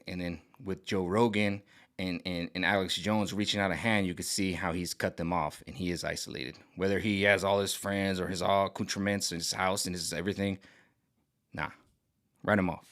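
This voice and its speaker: A middle-aged man with a somewhat low voice talks to camera on his own. He rambles, repeats phrases and restarts sentences, and he sounds agitated and worked up. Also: fairly bright tone, clean tone. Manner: mimics other voices sarcastically. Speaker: vlogger. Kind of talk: rambling monologue.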